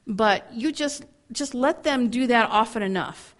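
Animated woman giving a Bible teaching. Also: on the high side, unhurried. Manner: animated, acts out angry quotes, laughs often; repeats words when starting sentences. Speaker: women's ministry speaker.

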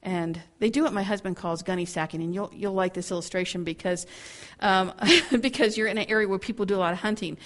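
A woman with a mid-range voice talks fast as she teaches the Bible to a women's group. She animatedly acts out the words of angry people, laughs often, and repeats words as she restarts sentences.

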